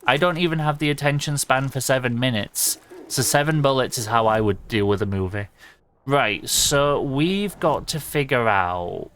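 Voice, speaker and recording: A young man rambles casually as he streams a game. He swears freely and laughs often, and his voice sits at an ordinary pitch for a man. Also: animated, normal speed, fairly bright tone, smooth. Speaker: livestreamer. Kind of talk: casual gaming stream chatter.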